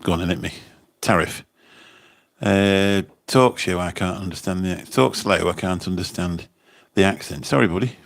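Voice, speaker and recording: Here is a gravelly, low-pitched male voice at a moderate pace. The speaker, a taxi driver who hosts livestreams, reads comments into his phone in a loose, rambling chat full of repeated words.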